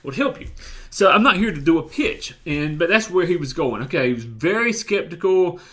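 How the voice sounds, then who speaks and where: A man's voice: fairly high pitch, expressive, normal speed, fairly bright tone. A man with a Southern US accent giving a motivational coaching talk, emphatic and repeating phrases as he restarts his thoughts. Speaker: life coach.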